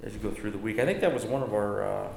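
A man's voice: fairly low pitch, quick pace, gravelly. A man teaching a church Bible class in a conversational, joking way, often correcting himself. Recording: echoey room, faint noise.

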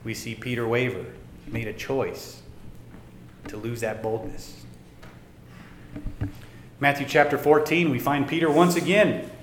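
A male pastor preaching a sermon, swinging between loud emphatic lines and quiet asides. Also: medium pitch, fairly even intonation, a little slow, long pauses, slight background noise. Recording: echoey room with faint ambience.

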